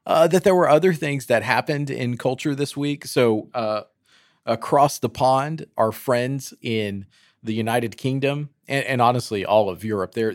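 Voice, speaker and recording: A man's voice: mid-range voice, no room sound, clean studio sound. A man co-hosting a casual talk show, easygoing and joking, with many fillers. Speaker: podcast co-host. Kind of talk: casual chat, news roundup.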